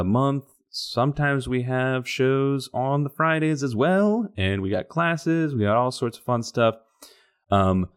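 A man's voice: mid-range voice, clear, resonant tone. A man who does improv, chatting as a podcast guest, upbeat and jokey. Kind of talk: casual chat.

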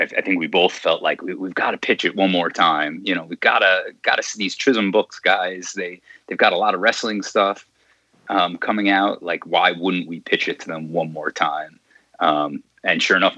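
A man's voice: low voice, pushed and bright, dry recording. A man who draws comics, a guest on a podcast, adding to the story in an easygoing way with filler words. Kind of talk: casual interview answer. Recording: dull, lo-fi mic.

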